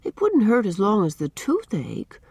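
A woman's voice: medium pitch, huge pitch swings, normal speed, darkish tone, slightly rough, no echo, full character voice. A woman voicing a bold, self-assured young girl with a lofty, airy, matter-of-fact manner.

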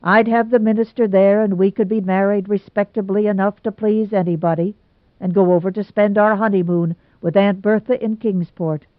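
A woman's voice: mid-range voice, fairly even intonation, moderate pace, no room sound, lightly acted. A woman voicing a gloomy, lovesick young man, earnest and emphatic as he pours out his woes. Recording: tinny phone-like sound, dry.

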